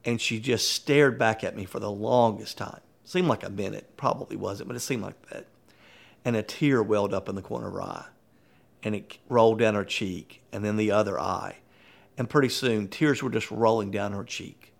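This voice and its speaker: A man, a workplace consultant, telling a story in an animated, conversational way with frequent chuckles. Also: on the low side, normal speed, vocal fry. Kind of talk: storytelling talk.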